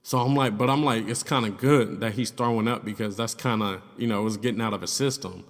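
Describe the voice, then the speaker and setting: A man's voice: on the low side, fairly even intonation, a little fast. A young man telling a story in casual vlog style, loose and profane, full of "like" and "you know what I'm saying". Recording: long reverb in the room.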